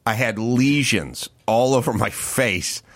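A man hosting a podcast, telling a profane, animated story in a casual chat. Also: mid-range voice, slow pace. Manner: profane, animated anecdote with acted-out quotes. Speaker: podcast host.

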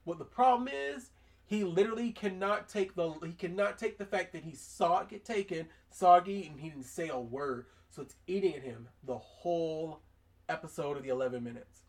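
A man's voice: on the high side, fairly quick, distant mic. A man hosting a podcast, casually recapping a cartoon episode and acting out the characters' lines in raised voices. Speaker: podcast host.

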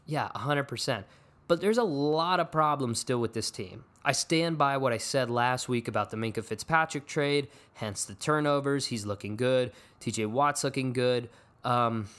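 A man's voice: medium pitch, fairly bright tone. Profane ranting man on sports. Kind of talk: casual sports rant.

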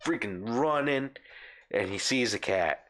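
A young man telling a funny work story in casual chat, animated, laughing and swearing, acting out what people said. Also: medium pitch, a little slow. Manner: animated, laughing often, swearing, acts out quotes.

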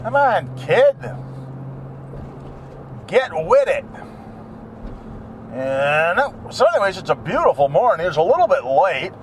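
A man's voice: sits high, big pitch swings, measured pace, long pauses, slight background noise. A middle-aged man chatting casually while driving, rambling from topic to topic and grumbling at other drivers. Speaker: vlogger. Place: in a car.

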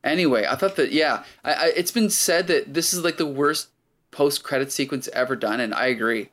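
A man's voice: medium pitch, a little fast, a bit bright. A man hosting a casual chat, rambling and thinking aloud with many restarts.

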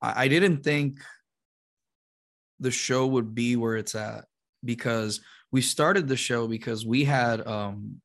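A man's voice: mid-range voice, slow pace, gravelly, long pauses. A middle-aged man from Rico, a comedian and podcast co-host chatting as a guest. He tells stories with energy, laughs often and jumps into the voices of the people in them. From Puerto Rico. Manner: animated storyteller who acts out other people and laughs often. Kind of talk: casual chat, guest storytelling.

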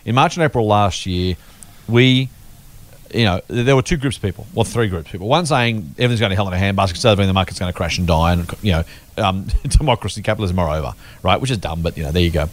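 A man, hosting a casual investing podcast chat, emphatic and lively. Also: fairly low pitch. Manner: animated, emphatic, quick-talking. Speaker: podcast host.

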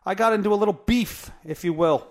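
A podcast host with a high-pitched voice talks a little fast in a casual, blunt, profane rant on his own show, making fun of himself. He records at home on a studio mic with a pop filter, run through a mixer.

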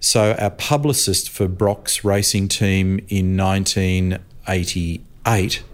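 An older Australian man, a motorsport commentator appearing as an interview guest, tells racing anecdotes in a chatty, laughing way, acting out voices as he goes. His voice is deep, his intonation fairly even, and his pace slow.

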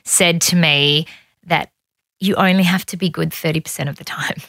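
A woman's voice: on the low side, steady tone, moderate pace, a bit bright, no echo. Woman hosting a podcast. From Australia. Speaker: podcast host. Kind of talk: podcast interview and outro. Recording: faint music behind.

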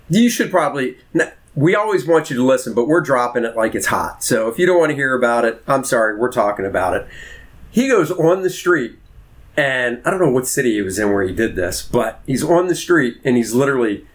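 A man with a middle-pitched voice talks casually on a podcast. His voice swings widely, leaping high when he gets excited about a point. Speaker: podcast co-host. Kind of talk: casual chat.

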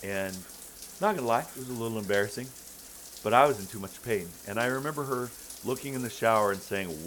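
Animated man telling a comic story. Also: fairly low pitch, a little fast, slight background noise. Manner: animated, acts out voices and screams for comic effect.

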